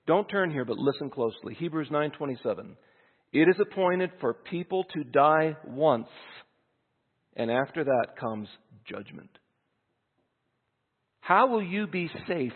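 A man preaching a sermon as pastor, emphatic, slowing down and lingering on key words. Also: a little high. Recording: phone-like sound with long hall reverb.

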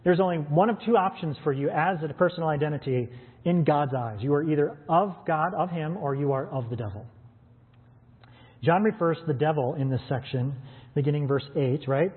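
A man's voice: on the high side, fairly quick. A man preaching a sermon to his church, earnest and conversational, asking rhetorical questions. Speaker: pastor. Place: church with stream audience. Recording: phone-like sound with long hall reverb.

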